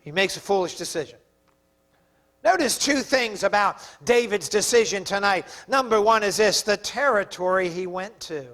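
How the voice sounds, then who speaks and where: A man's voice: high voice, animated, moderate pace, a bit bright. A male pastor preaching a sermon in a fervent, emphatic way.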